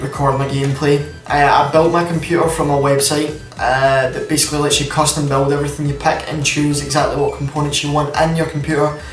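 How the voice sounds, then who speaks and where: At home at night, a YouTube gaming host in his twenties from Scotland chats and rambles through a Q&A vlog, full of fillers. His voice is a little high. It's captured from a distance by a camera on a tripod, so the room sounds echoey and the quality is low.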